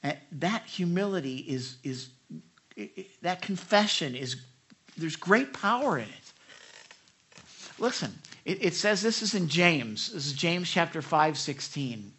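A middle-aged man preaching a sermon, candid and self-deprecating, swinging between loud emphasis and soft asides. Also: fairly high pitch, animated, measured pace, breathy edge. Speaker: pastor.

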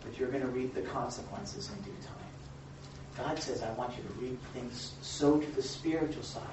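A pastor delivering an animated, emphatic sermon to his congregation, often repeating words as he drives a point home. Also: on the high side, noisy background. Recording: echoey hall from a distant, dull mic.

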